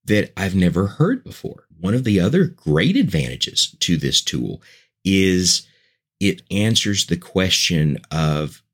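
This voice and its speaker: Male podcast guest, preacher, very deep voice, earnest and persuasive. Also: very animated, slow pace, fairly bright tone, slightly rough. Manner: earnest, persuasive, building points in lists. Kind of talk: conversational podcast talk.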